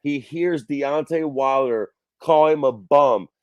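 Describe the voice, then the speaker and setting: A man co-hosting a combat sports podcast, talking in a profane, excitable and emphatic way. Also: mid-range voice, slow pace, clean tone, no room sound, muffled recording. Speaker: podcast co-host. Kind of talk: casual chat.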